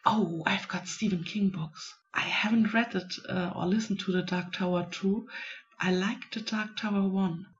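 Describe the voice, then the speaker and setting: A woman, a writing vlogger musing aloud to herself in a casual, unhurried way. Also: mid-range voice, steady tone. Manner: musing, unhurried, self-talking. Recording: dull lo-fi recording.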